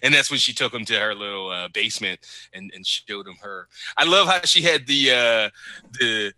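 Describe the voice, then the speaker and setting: Very bright lively guy, kinda high, dry close sound, giving his takes on a show. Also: moderate pace, no echo. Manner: animated, opinionated. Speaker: podcast co-host. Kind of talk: casual TV recap chat.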